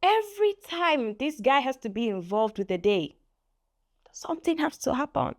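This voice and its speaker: A young woman telling a story on her vlog in a lively, laughing way, acting out what people said. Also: sits high, normal speed. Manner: animated, laughing, acts out quotes. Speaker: vlogger. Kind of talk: casual story time.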